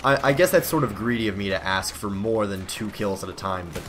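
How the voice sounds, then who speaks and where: Rambling teenage gamer, lowish voice. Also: male voice, expressive, brisk, noisy background. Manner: rambling, filler-heavy, self-deprecating. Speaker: gaming commentator. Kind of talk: casual gameplay commentary. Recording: game gunfire loud behind. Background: video game gunfire.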